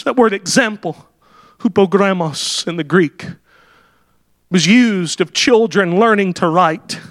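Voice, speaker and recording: A high-pitched man preaches with fervor. He builds to loud, shouted peaks and often breaks in with an exclamation of "Oh". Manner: fervent, rising to shouts at climaxes, exclaims "Oh". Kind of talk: sermon.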